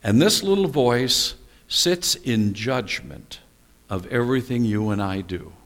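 A man's voice: mid-range voice, lively intonation, unhurried, a bit bright. A male pastor preaching a sermon, telling stories and asking rhetorical questions with small humorous asides.

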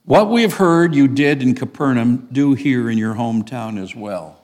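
A man's voice: medium pitch, expressive, moderate pace, a little mellow. A man preaching an expository sermon, emphatic, repeating phrases for stress.

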